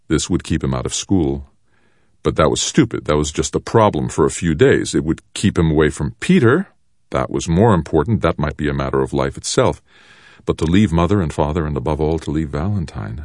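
A man reading a novel aloud as an audiobook narrator, low and even. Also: no echo, studio quality. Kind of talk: scripted narration.

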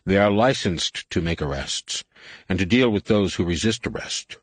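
A man's voice: deep voice, expressive, moderate pace, breathy edge, dry recording. A man reading an audiobook, voicing a smug, cruel male police lieutenant who talks down to his prisoner. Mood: condescending.

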